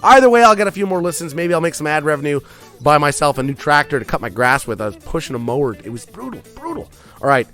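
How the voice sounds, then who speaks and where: A man's voice: a little high, expressive, fast talker, bright, forceful tone, soft background music. Rambling, swearing man host. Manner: rambling, self-deprecating, swears a lot. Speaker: podcast host. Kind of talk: solo comedic podcast rant. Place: home garage.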